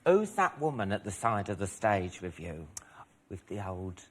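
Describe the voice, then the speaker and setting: A man's voice: lowish voice, big pitch swings, normal speed. A man hosting a comic chat show, firing off camp teasing quips and laughing along with his guest. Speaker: talk show host. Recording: studio audience laughter underneath.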